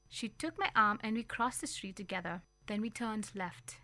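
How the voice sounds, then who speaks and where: A woman reading a storybook aloud on community radio, telling it in an expressive, lively way. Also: mid-range voice, moderate pace, dry recording. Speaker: story reader.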